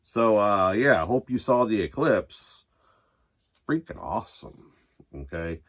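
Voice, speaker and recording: A man vlogging about metal while drunk and high, rambling loosely and swearing as he talks. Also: lively intonation, takes it slowly, a bit bright. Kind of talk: rambling casual vlog.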